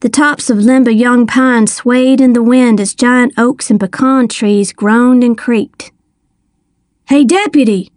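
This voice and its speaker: Woman reading a first-person story, kinda high voice, slow and expressive. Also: dry recording, studio quality. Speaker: audiobook narrator.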